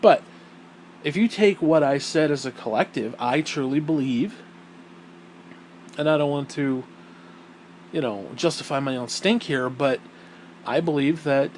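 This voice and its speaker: This low-quality clip, carrying slight background noise, features a medium-pitched man hosting his own podcast. His casual monologue is blunt and full of emphatic swearing, and his voice rises as he grows indignant.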